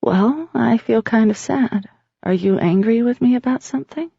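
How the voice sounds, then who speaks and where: Casting: woman putting on a meek, eager-to-please partner, small higher voice, husky, dull dry recording. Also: unhurried, dry recording, heavily acted. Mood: timid. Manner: small, timid, soothing.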